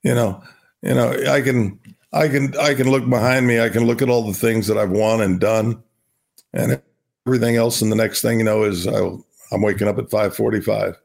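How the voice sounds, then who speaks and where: An older man from Oklahoma, a guest telling stories in a relaxed interview, often repeating words as he goes. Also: on the low side, moderate pace, vocal fry. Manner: storytelling, repeats himself, warm laughs. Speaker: guest, retired baseball player.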